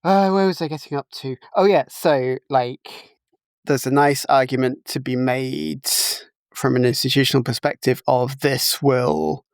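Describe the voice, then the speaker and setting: A man's voice: mid-range voice, a little slow, clean tone, no echo. A man taking part as a guest in a casual podcast chat over a video call, explaining things step by step with many fillers. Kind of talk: casual technical discussion. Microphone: remote video call.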